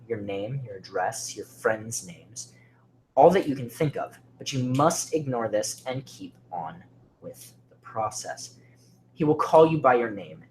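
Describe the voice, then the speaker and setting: A man narrating a creepy horror story with dramatic delivery, often sinking to a hushed near-whisper. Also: lowish voice, slight background noise.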